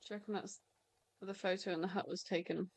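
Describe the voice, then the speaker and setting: A woman's voice: lowish voice, fairly even intonation, fast talker. A woman chatting casually as she streams a video game, often confused and laughing. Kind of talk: casual let's-play commentary.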